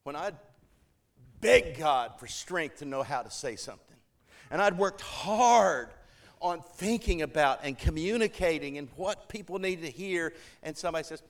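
A man's voice: on the high side, lively intonation, normal speed. A man preaching a sermon to a church congregation, earnest and emphatic, building to fervent appeals.

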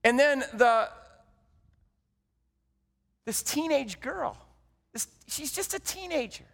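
A man preaching a sermon, telling the story dramatically and swinging from loud to hushed. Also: very high-pitched, lively intonation, slow, gravelly, pauses often. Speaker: pastor. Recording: long hall reverb.

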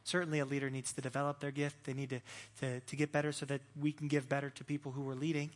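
A man's voice: medium pitch, flat delivery, quick pace. A man preaching a sermon as pastor, earnest and repeating words as he builds his points.

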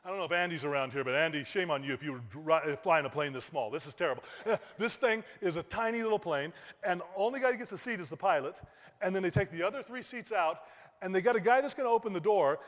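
Man, high pitch, pastor, animated sermon storytelling, long church reverb. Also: quick pace. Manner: animated storyteller, bursts into shouted exclamations.

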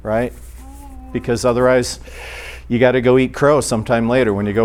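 A man's voice: mid-range voice, level tone, a little fast, pauses often, darkish tone, clean tone. Brief: middle-aged male pastor, informal teaching, chatty delivery with acted-out quotes. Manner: conversational, acts out short quoted exchanges.

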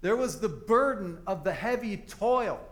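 At a church service, a pastor delivers his sermon to the congregation in a folksy, conversational storytelling way. His voice is high and a bit bright, with lively intonation and an unhurried pace.

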